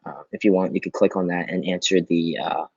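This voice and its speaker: A man's voice: sits low, fairly even intonation, fairly quick, creaky, a little mellow, slightly rough, dry recording, lo-fi sound. A male teacher giving a recorded online lesson, explaining patiently and often checking in with "right?".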